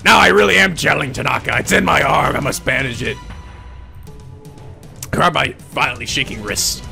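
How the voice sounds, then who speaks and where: A man's voice: a little high, normal speed, gravelly, long pauses, bright, forceful tone, soft background music. A man hosting a let's play, reading a visual novel aloud with playful, theatrical delivery, often giggling.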